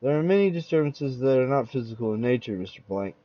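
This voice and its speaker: A man voicing a calm, clinical doctor. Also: medium pitch, fast, no echo, highs cut off, close to an everyday voice. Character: calm, formal male doctor.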